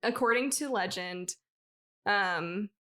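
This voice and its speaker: Taking it slowly, a woman with a medium-pitched, bright, forceful voice reads a written ghost story on a podcast she co-hosts. The chat stays casual and loose, and she often dissolves into laughter.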